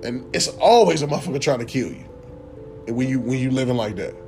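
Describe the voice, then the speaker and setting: A young man ranting casually to camera as a vlogger, animated, profane and rambling. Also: medium pitch, a little fast, faint music behind.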